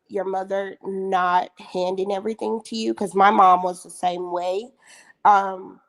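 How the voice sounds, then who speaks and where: A woman on a casual livestream panel, speaking in an earnest, measured way. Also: mid-range voice.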